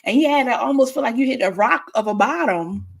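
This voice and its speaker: High-voiced encouraging woman host. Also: lively intonation, a little fast, vocal fry. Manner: warm, encouraging, sings a snatch of a hymn. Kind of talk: talk show conversation.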